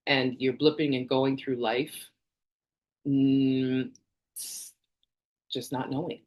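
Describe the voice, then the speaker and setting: A woman's voice: very deep voice, flat delivery, takes it slowly, pauses often, a little mellow. Chatty woman in her forties from Canada. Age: 40s. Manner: candid, chatty, laughs often, rambling asides. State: tearful at times. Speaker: vlogger. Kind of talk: personal health vlog.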